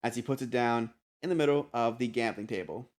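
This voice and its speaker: A man narrating as game master for a tabletop game, hesitant with frequent restarts. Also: medium pitch. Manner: halting, many restarts and fillers.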